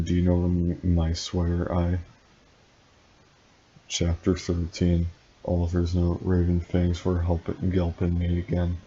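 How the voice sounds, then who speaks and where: Deep deadpan man reading aloud. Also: muffled recording, slight background noise. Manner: deadpan, with sarcastic asides. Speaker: channel host reading fan fiction aloud. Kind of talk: comedic dramatic reading with commentary.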